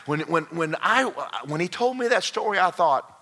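A man preaching a sermon, telling a story with lively swings between loud declarations and whispered asides. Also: high voice, normal speed. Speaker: pastor.

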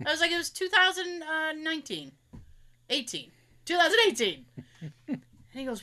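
A woman's voice: high-pitched, moderate pace, pauses often. A woman chatting casually, telling a story with lots of swearing and acting out what others said. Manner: animated, swears freely, acts out others' lines.

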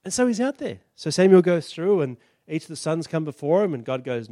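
Male preacher, high voice, animated sermon storytelling. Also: brisk, hardly any pauses, dry recording, clean studio sound. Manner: animated storytelling, acting out characters.

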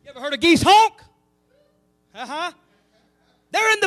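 A male pastor delivers an animated sermon, swinging from quiet asides to loud calls to the congregation. His voice sits very high for a man. The sound is dry and close. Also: moderate pace, long pauses, no room sound, faint music behind. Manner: animated preaching with call-and-response asides. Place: church sanctuary.

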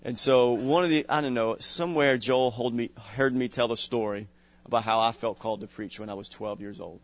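Conversational pastor from Louisiana, lo-fi. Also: male voice, mid-range voice, a little fast. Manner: conversational preaching with chuckles and restarts. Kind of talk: sermon. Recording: dull lo-fi sound.

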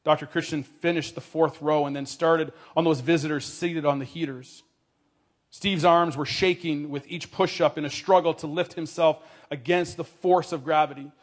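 A man telling a story in a sermon, earnest, dropping his voice quietly at tender moments. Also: fairly high pitch, fairly even intonation, normal speed.

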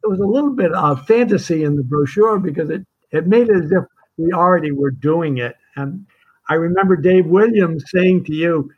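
An older man with a fairly high voice looks back on his firm's early days, reflective and halting. The recording sounds a little muffled and lo-fi. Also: breathy edge. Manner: reflective, halting restarts and chuckles. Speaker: firm co-founder. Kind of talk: reminiscing conversation.

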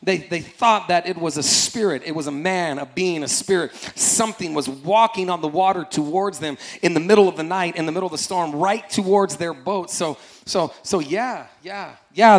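Male pastor, fairly high voice, lively sermon delivery, acts out scripture characters. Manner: animated, acts out scripture voices, repeats phrases, calls congregation to respond. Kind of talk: energetic sermon.

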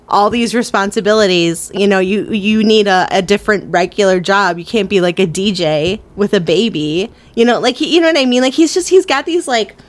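A woman in her thirties co-hosting a podcast, chatting animatedly about a movie, swearing and restarting her sentences. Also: medium pitch. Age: 30s. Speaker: podcast co-host. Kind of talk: casual movie discussion.

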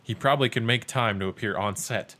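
A man's voice: mid-range voice, fairly quick, bright, forceful tone. A man co-hosting a casual podcast, explaining movie facts confidently. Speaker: podcast co-host. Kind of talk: casual chat.

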